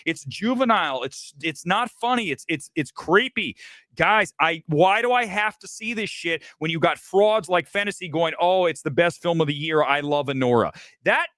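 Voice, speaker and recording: A man's voice: on the high side, a bit bright, no echo. A man hosting a film talk show, ranting in a combative, profane, emphatic way. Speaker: host.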